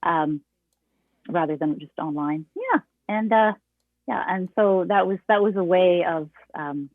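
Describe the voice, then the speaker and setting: A woman's voice: lowish voice, expressive, a little slow, dry recording. An older woman, a guest songwriter and author, talking reflectively in a rambling way with many restarts. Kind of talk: casual interview chat. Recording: dry, tinny phone-like line.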